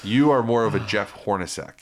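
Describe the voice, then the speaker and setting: A man with a low, deep voice riffing loosely on a podcast. He jokes around and rambles, leaning on fillers like "like" and "you know" in easy conversation. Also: expressive, brisk. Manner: joking, rambling with many fillers. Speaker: podcast co-host. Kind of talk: casual chat.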